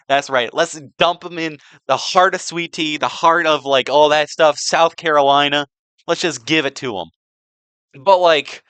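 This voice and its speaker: A man's voice: on the high side, a bit bright, clear, resonant tone, dry recording. A young man giving a rambling, sarcastic slideshow presentation, packed with "like" and restarts. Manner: filler-heavy, sarcastic, restarts a lot.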